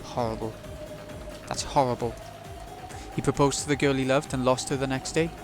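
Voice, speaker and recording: A man's voice: mid-range voice, steady tone, normal speed, music in the background, natural voice. A man reading a visual novel aloud, voicing a grieving, hot-headed young man who makes bitter, defiant outbursts.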